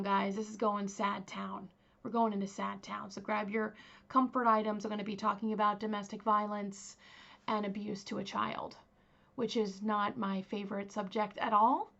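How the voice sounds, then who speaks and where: A woman's voice: a little high, a bit bright, highs cut off. A young woman casually telling a true crime story as host, chatty, with many fillers and asides to her viewers.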